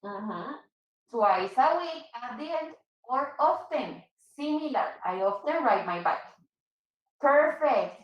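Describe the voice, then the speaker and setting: Female teacher, high voice, patient and slow with examples, echoey room. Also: expressive, recorded from a distance, highs cut off. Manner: patient, repeats and explains slowly, switches into Spanish. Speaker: English teacher. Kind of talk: online English class for Spanish speakers.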